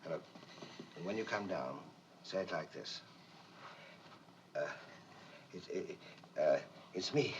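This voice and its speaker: A man's voice: deep voice, expressive, a little slow, long pauses. A man working as a film director, coaxing children through their lines and calling out commands on set. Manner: coaxing and patient, then shouting commands. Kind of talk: coaching child actors on set. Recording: distant, muffled, hissy vintage film-set recording.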